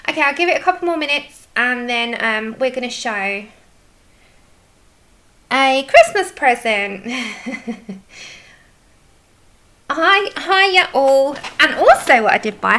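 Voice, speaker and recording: High, bright chatty woman. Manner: chatty, greets viewers by name; effusive. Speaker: livestream host. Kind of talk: casual chat while colouring.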